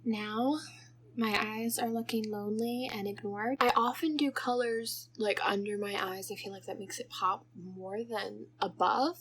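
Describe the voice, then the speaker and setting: A woman's voice: medium pitch, steady tone, measured pace, fairly bright tone, slight background noise. A young woman chatting through a makeup tutorial, rambling off topic and giggling as she goes. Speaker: makeup vlogger. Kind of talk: casual makeup tutorial chat.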